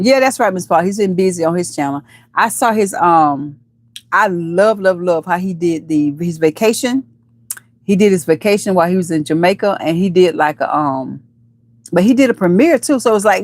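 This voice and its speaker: A woman hosting a casual live stream, chatting playfully with viewers, calling them baby and honey and breaking into high squeals. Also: dry recording. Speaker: livestream host.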